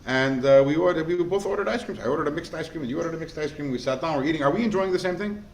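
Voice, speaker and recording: A male rabbi teaching a class, animated and quick to ask his listeners questions. His voice sits on the higher side for a man. The room is roomy and echoey, with a faint hiss underneath. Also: creaky. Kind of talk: lively lesson to a class.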